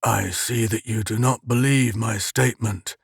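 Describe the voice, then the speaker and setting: A man doing a cold, commanding inhuman captor who speaks in a slow, rasping, guttural drawl. The voice sits low and hushed, close and dry, with no room around it. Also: fairly even intonation, no room sound, heavily acted. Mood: menacing. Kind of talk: audiobook character reading.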